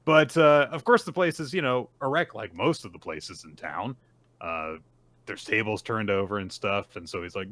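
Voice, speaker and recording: Speaking at a moderate pace in a voice on the low side, a podcast co-host walks through manga chapters casually. He gets animated and voices character quotes as he goes.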